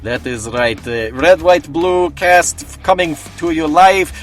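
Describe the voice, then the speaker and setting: A man's voice: a little high, unhurried, soft background music, lightly acted. A man voicing a Soviet agent who fakes being an American radio host, speaking in hammy broken English with overeager patriotic cheer. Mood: mock-patriotic.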